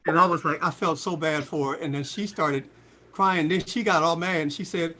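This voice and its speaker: A man in his sixties telling stories as a guest in an interview, acting out the quotes in a lively voice. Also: normal speed, a little hiss or hum. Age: 60s. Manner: lively storyteller, voices quotes with big pitch jumps. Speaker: singer and guest. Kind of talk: animated storytelling interview.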